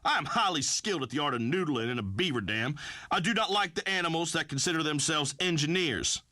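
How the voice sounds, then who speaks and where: An actor playing a brash, folksy redneck farmer who hosts a talk radio show, blustering through rambling pronouncements. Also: male voice, a little high, animated, brisk, pushed and bright, no echo, studio quality. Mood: boastful. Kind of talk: comic talk radio acting.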